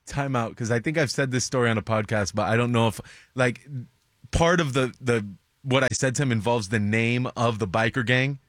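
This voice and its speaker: A man's voice: medium pitch, a bit bright, dry recording, studio quality. A man who is a stand-up comedian guest, telling self-mocking stories in casual chat. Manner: self-mocking, quick-talking, acts out quotes.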